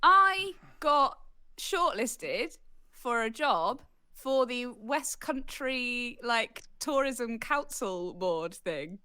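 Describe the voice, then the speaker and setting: A woman's voice: fairly high pitch, very animated, very slow, smooth. A woman voice actor chatting casually and rambling with friends on a live-streamed podcast. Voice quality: bright and giggly, rambling. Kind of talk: casual group chat.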